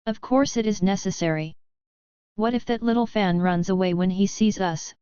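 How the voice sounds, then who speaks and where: A calm, powerful male master lays out his plans slowly and plainly, read by a woman without a put-on voice. The voice is very smooth, and the recording is dry and slightly dull. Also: mid-range voice, no echo, close to an everyday voice. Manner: slow, measured, matter-of-fact.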